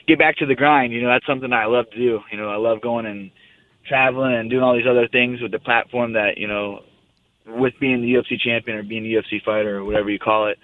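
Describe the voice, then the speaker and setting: A man's voice: lowish voice, no echo. A young man calling in, telling a story in a loose, rambling casual chat. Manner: rambling, laid-back storytelling. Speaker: fighter calling in. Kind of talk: casual phone interview. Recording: tinny phone line.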